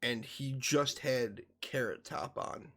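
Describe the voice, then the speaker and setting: Man, podcast host, casual chat, profane, animated storytelling, mid pitch. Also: slow pace.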